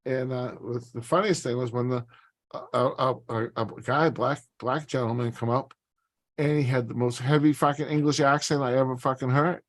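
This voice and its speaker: A man's voice: mid-range voice, steady tone, moderate pace. A man hosting a podcast in casual chat, rambling and swearing freely. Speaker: podcast host.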